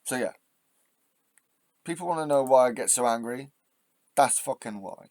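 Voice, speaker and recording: A man's voice: medium pitch, expressive, no room sound. A fiery, profane man ranting on camera. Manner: swearing, impassioned, swings between quiet and loud; halting restarts when thinking aloud. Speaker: channel host. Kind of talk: ranting vlog monologue.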